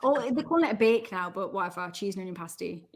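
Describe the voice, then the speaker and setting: A woman's voice: mid-range voice, expressive, fast talker. A woman with a Geordie accent, a guest chatting casually in an interview, jokey and self-deprecating. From North East England. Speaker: podcast guest, self-development coach.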